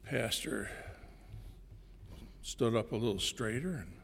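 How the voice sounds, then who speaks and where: A man preaching a sermon, telling a parable slowly and deliberately, with pauses between phrases. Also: mid-range voice, fairly bright tone. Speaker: pastor. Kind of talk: sermon storytelling. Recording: long reverb in a large hall.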